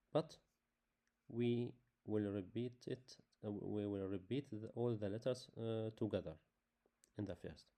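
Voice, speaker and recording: A man with as his teaches a beginners' lesson in halting English. His voice is low and mellow, and he speaks slowly, repeating himself patiently. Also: creaky. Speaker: Arabic teacher.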